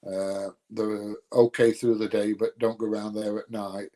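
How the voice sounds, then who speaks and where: A man's voice: lowish voice, level tone, unhurried, dark tone. A middle-aged man from the UK chatting casually on a livestream, rambling and full of fillers as he answers viewers. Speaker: livestream host answering chat. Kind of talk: casual chat.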